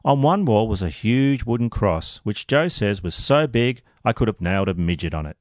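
A man hosting a podcast, narrating a true-crime story with sardonic, expressive delivery. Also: fairly low pitch, moderate pace, no echo, clean studio sound. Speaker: podcast host.

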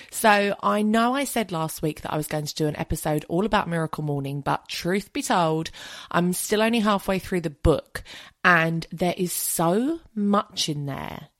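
A woman's voice: fairly low pitch, no echo, studio quality. A woman hosting her own podcast in a casual solo chat, frank and chatty, swearing freely. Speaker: podcast host.

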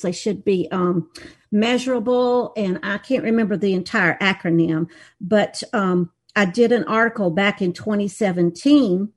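Woman guest, sarcastic explainer, call-in audio. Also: medium pitch. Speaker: guest education critic. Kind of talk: political talk show discussion.

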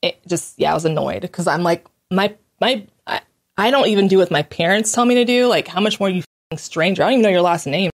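With a fairly low pitch, this woman hosts a solo, easygoing talk, candid and direct. Her recounting is lively, dotted with fast restarts and small bursts of laughter.

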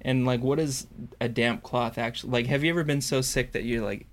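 A man's voice: mid-range voice, steady tone. A man co-hosting a fan podcast, recapping an episode in a rambling, joking way. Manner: rambling, crude jokes, halting restarts. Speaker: podcast co-host. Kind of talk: casual chat, episode recap.

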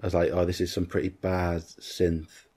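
A man's voice: sits low, little pitch movement, normal speed, dark tone, slightly rough. A man co-hosting a podcast in casual film chat, retelling scenes at length and quoting the characters' lines. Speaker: podcast co-host.

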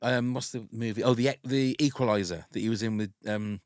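Man, podcast host, casual chat, rambling, self-interrupting, mid pitch, dry close sound. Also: steady tone, a little fast, a little mellow, dry recording.

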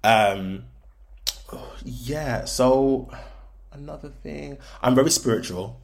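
A man's voice: mid-range voice, slow, vocal fry. A young man with a Birmingham accent that drifts toward London, hosting a casual solo podcast in a frank, chatty way full of ums and likes. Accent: Birmingham (Brummie), shifting toward London. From Birmingham, England. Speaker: podcast host.

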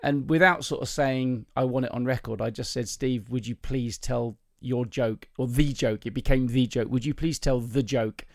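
A man who works as a comedian, chatting casually on a podcast and acting out jokes with lively, sing-song voices. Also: mid-range voice, normal speed, hardly any pauses, no room sound, clean studio sound. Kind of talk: casual chat and joke telling.

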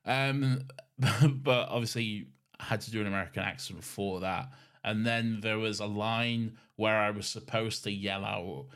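A male podcast co-host with a somewhat low voice, rambling through casual chat. He swears now and then and laughs at himself. His manner is loose and unpolished. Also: steady tone, a little slow, fairly bright tone.

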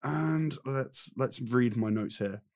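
A young man running through his notes in an exasperated, animated rant. His quoted character voices are mocking. The sound is dry and close. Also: mid-range voice, slow pace, no room sound. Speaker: film review podcast co-host. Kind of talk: casual chat.

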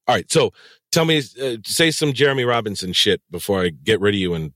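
A man's voice: fairly low pitch, fairly quick, no echo, clean studio sound. A man hosting a crude, casual podcast chat, swearing and laughing often. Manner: profane, laughs often, animated. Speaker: podcast host and audiobook narrator.

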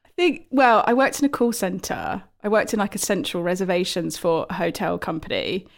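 A woman's voice: on the low side, normal speed, creaky. A woman comedy writer chatting as a podcast guest, self-deprecating and chatty. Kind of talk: casual chat.

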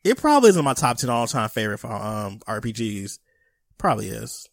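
A man co-hosting a casual gaming podcast, animated and teasing. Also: fairly low pitch, brisk, vocal fry, dry recording. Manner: animated, teasing, laughs often. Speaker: podcast co-host.

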